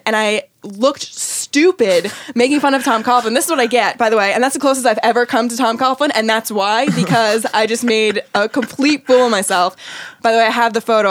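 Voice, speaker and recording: A woman's voice: on the high side, a little hiss or hum. A woman hosting a podcast in a studio, chatty and upbeat, telling stories. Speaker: podcast host. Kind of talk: casual interview chat. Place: recording studio.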